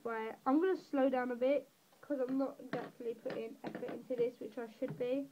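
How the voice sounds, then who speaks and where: This drawing-tutorial creator, a teenage girl from southeast England, gives a rambling voice-over while colouring, full of giggly self-mockery. She speaks a little fast in a high, steady voice. The recording has clipped highs and background noise.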